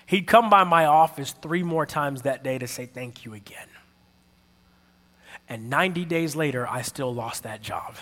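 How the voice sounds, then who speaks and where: A man preaching a sermon, telling a story with lively energy and calling out to his audience. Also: a little high, measured pace. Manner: animated storytelling, calls out to the audience. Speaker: pastor. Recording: long hall reverb.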